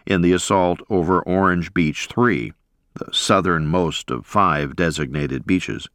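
A man narrating a first-person memoir with a deep voice that rises and falls expressively. His reading is steady and measured, recorded dry and close with no room sound. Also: dry recording.

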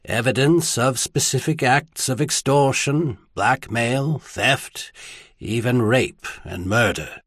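Casting: male narrator doing a calm older archbishop, measured and husky, audiobook reading. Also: medium pitch, dry recording, studio quality. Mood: grave. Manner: mild, measured, then grave. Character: older male archbishop, mild and knowing, old friend.

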